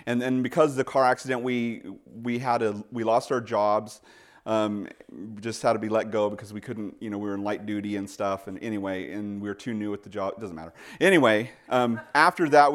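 A pastor in his forties, preaching a conversational sermon with animated storytelling, acting out quoted voices, with frequent self-corrections and asides. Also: mid-range voice.

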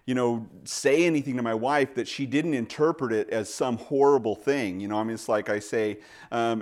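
A pastor in his forties, preaching a conversational sermon with animated storytelling, acting out quoted voices, with frequent self-corrections and asides. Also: mid-range voice, a little fast, few pauses.

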